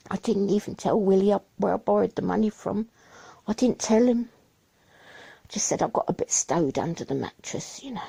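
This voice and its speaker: A woman's voice: a little high, gravelly, mellow. A woman giving a rambling, worried confessional monologue about her family, repeating herself and restarting her sentences. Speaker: mother sharing her troubles.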